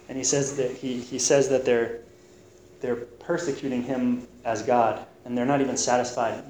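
A man preaches a sermon on scripture with a medium-pitched voice. He talks earnestly, stumbling and restarting as he goes. The recording is roomy and echoey, with a faint hum of noise behind him. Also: flat delivery, darkish tone. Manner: earnest, halting, with frequent restarts.

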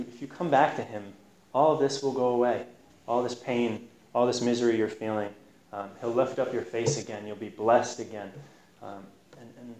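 A man's voice: mid-range voice, darkish tone. A man giving an informal Bible teaching in an earnest, conversational way, pressing hard on key points. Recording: roomy echo.

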